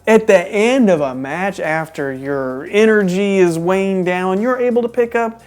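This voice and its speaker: A reviewer from Texas recapping a wrestling show in a casual commentary style, animated and incredulous, with joking asides. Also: medium pitch, unhurried.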